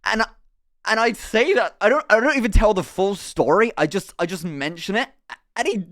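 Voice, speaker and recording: A young man telling a story casually on a live stream, animated and quick to laugh, swearing freely. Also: high voice.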